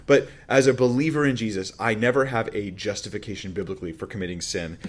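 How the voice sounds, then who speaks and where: A man's voice: lowish voice, fast talker. A man preaching a sermon as a pastor, teaching through a Bible passage in a conversational way with emphatic rises and frequent restarts.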